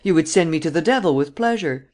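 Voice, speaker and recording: A cunning gentleman thief, read by the man narrating the audiobook talks calmly and drily. He is measured and self-assured, never hurried. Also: a little high, natural voice. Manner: calm, measured, drily ironic. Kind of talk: audiobook reading.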